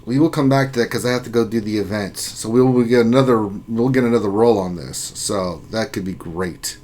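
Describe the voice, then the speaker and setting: A man's voice: lowish voice, a little fast, darkish tone. A man hosting a casual gaming livestream, reading viewers' names aloud in an upbeat, jokey way. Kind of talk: casual live-stream chat.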